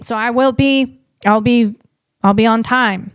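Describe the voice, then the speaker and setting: A woman with a high voice rambles through a comic podcast monologue, restarting her sentences as she goes. The sound is dry and close, with no room around it. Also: a little slow, clean tone, no room sound. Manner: rambling, animated, with frequent restarts. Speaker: comedian podcast host. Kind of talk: comedic monologue.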